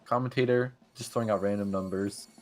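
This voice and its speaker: A man's voice: lowish voice, fairly even intonation, fairly quick, darkish tone. A man commentating a video game speedrun race in a casual, chatty way, thinking aloud as he goes.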